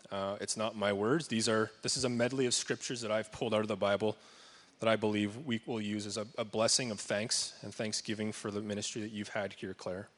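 A man's voice: fairly low pitch, flat delivery, a bit bright. A man addressing a church congregation to thank a departing pastor, speaking earnestly and reverently and then reading scripture as a blessing. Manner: earnest and reverent, with a few pauses and restarts. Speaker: church member leading a farewell blessing for the pastor. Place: church service before a congregation.

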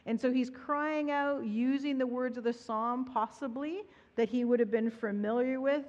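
A woman pastor preaching a sermon in an earnest, reflective way, her voice softening when she voices prayers. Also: high voice, steady tone, moderate pace, few pauses. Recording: dull audio with long hall reverb.

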